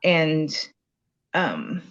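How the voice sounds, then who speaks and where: Low-voiced woman telling her story. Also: very animated, drawn-out words, lo-fi sound. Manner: rambling, many fillers and restarts. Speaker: program graduate sharing her story. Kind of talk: casual interview testimonial.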